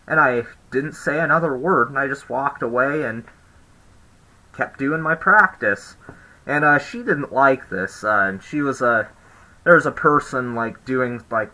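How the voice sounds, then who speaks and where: A man's voice: mid-range voice, sharp tone, low-quality recording. A young man vlogging, telling a story in a rambling, sarcastic, exasperated way. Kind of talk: casual storytelling to camera.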